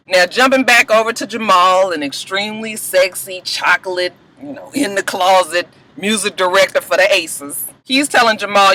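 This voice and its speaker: Animated, bright-voiced woman vlogger. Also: lowish voice, moderate pace, hardly any pauses, slight background noise, poor audio. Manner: animated, profane, tags lines with "okay?". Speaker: vlogger recapping TV episodes. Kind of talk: casual recap chat.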